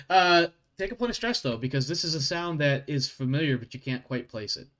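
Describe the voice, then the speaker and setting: Male GM, relaxed tabletop narration with offhand corrections. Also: fairly high pitch, brisk. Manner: casual, laughing asides and self-corrections. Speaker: game master.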